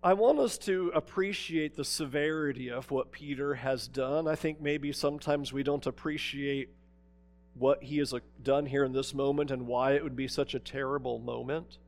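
A man preaching a sermon. He tells the story dramatically, moving between emphatic passages and hushed ones. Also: medium pitch, normal speed, gravelly. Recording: long reverb of a large hall.

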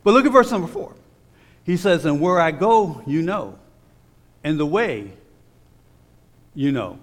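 A man preaching in a voice pitched a touch high, his words trailing off into a long hall reverb. He slows right down and leans on the scripture he reads. Between readings he drops into loose, stop-start asides to the people in front of him. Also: very animated. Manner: conversational asides with repeated restarts. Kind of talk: sermon.

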